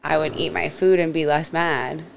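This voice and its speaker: A woman's voice: deep voice, steady tone, moderate pace, vocal fry, slight background noise. A woman co-hosting a podcast, speaking frankly and laughing in casual conversation. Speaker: podcast co-host. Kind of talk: casual crude banter.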